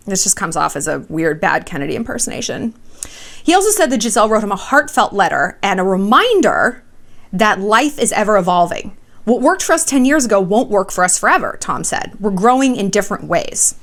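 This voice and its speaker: A woman's voice: mid-range voice, a bit bright. A young woman hosting her own vlog, giving celebrity gossip and relationship advice in a blunt, profane, sassy way. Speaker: vlogger host.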